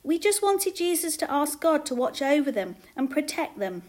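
A woman's voice: high-pitched, sing-song, moderate pace, a little mellow, voice pushed up. A woman doing a polite, hopeful mother. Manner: polite and earnest.

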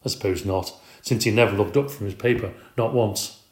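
A man narrating a children's story in an expressive, conversational audiobook reading. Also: on the low side, a little fast. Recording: roomy echo.

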